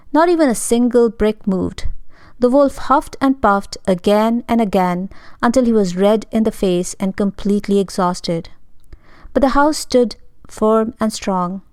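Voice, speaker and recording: Woman reading a fairy tale, smooth clear voice, dry close sound. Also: medium pitch, a little slow, no echo. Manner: expressive, dramatic. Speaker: storyteller. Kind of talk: scripted storybook narration.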